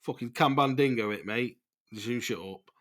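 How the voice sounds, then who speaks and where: A man's voice: mid-range voice, normal speed, fairly bright tone. A man, hosting a casual, rambling voice-note podcast, loose and chatty, swearing freely and laughing at himself. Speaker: podcast host.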